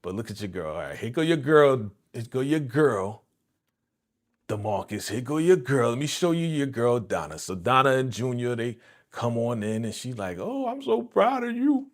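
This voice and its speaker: A man's voice: medium pitch, animated, normal speed. A man hosting a live reaction stream, chatting casually in slang and laughing often. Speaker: streamer host.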